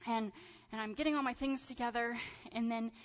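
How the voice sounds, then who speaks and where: A woman in her thirties telling a personal story in a sermon, animated and chatty with casual fillers. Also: a little high, fairly quick. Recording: dull sound with long hall reverb.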